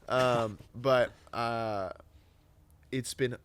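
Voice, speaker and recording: A young man, a Christian influencer guesting on a podcast, telling stories in an animated way and dropping to a whisper for quotes. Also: medium pitch, extremely slow, a little hiss or hum. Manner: animated storyteller, drops to a whisper when quoting. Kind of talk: casual chat.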